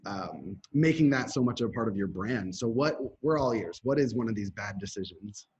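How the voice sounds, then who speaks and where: A man interviews a guest, hesitant and full of fillers. His voice is husky and fairly low, and the recording has a dull lo-fi sound. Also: animated, normal speed, a little mellow.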